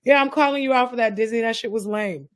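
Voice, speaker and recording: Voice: medium pitch, quick pace, fairly bright tone. A podcast co-host chatting casually, blunt and outspoken with strong opinions. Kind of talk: casual chat.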